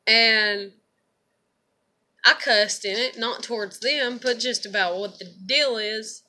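Bright-voiced tired woman venting. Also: a little high, takes it slowly. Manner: rambling, profane, laughs often. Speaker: vlogger. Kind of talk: casual venting to camera.

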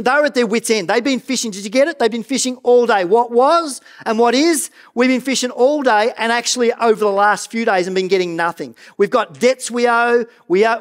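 A middle-aged man preaching a sermon as pastor of a church, earnest and animated, often stumbling and repeating words. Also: very high voice.

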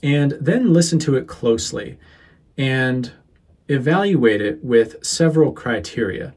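A male teacher talking through a how-to lesson into a close microphone, unhurried and easygoing, with a few fillers. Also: mid-range voice, expressive, darkish tone, husky. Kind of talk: instructional voice-over. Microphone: close sensitive studio mic.

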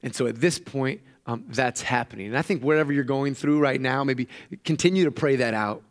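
A male pastor giving a lively sermon, retelling a story and acting out the voices of its people. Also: a little fast. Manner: animated storytelling, acting out quoted voices with raised pitch. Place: church.

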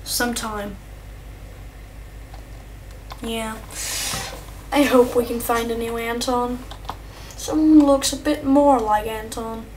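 A young male gamer doing rambling, excitable let's-play commentary, chatting to his viewers and his in-game pet. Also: mid-range voice, takes it slowly, pauses often, slight background noise. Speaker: gameplay commentator. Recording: distant mic with faint keyboard typing.

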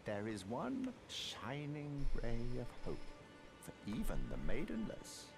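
An actor playing a cryptic, mocking knight in a video game, speaking in a gravelly voice. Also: male voice, mid-range voice, huge pitch swings, slow pace, soft background music, heavily acted.

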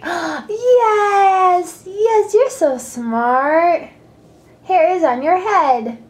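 A woman's voice: high-pitched, darkish tone. A mother at home playing with her toddler, talking in a coaxing, singsong baby-talk voice and laughing often.

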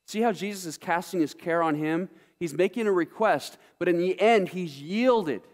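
In a church sanctuary, a male pastor with a high voice preaches at normal speed. He reads scripture and fires emphatic rhetorical questions at his congregation.

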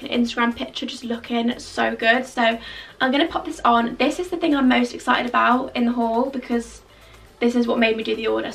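Bubbly, gravelly young woman. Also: fairly high pitch, a bit bright. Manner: bubbly, gushing, chatty with many fillers. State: out of breath. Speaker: fashion vlogger. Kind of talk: casual try-on haul chat. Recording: distant mic with faint background music.

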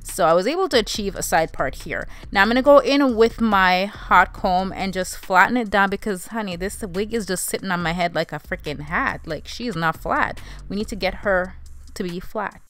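A young beauty vlogger narrates a wig tutorial in a casual, chatty tone, calling her viewers "you guys" and "honey." Her voice is medium-pitched and fairly bright, at a moderate pace.

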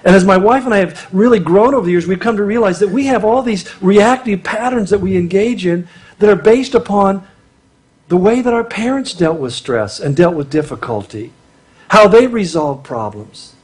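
A man's voice: high-pitched, lively intonation, moderate pace, a little mellow, husky. A middle-aged man giving a conversational, humorous sermon at a marriage conference, acting out little quotes as he goes. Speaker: conference speaker.

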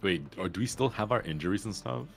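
A man chatting casually while playing a game with friends, with a deep announcer-like way of reading aloud. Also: fast, gravelly, faint music behind. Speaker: co-player on a game stream. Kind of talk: casual gaming chat.

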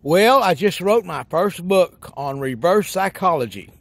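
A man's voice: high-pitched, animated, measured pace, gravelly, few pauses, no room sound. A man putting on a goofy rural hillbilly character for a comedy monologue, folksy and whooping. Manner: folksy drawl with hoots and cackles. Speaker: comedy sketch character host.

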